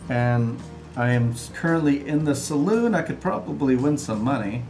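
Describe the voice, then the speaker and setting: A man's voice: medium pitch, expressive, moderate pace, darkish tone. A man hosting a casual live-stream board game session, chatting as he explains the rules and takes his turn. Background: upbeat background music.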